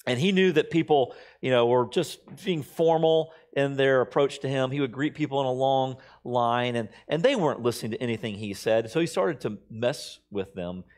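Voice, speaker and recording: A man's voice: mid-range voice, moderate pace, hardly any pauses, darkish tone. Middle-aged male pastor, conversational sermon delivery, mid-range voice, storyteller. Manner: conversational storytelling, quoting others in shifting voices.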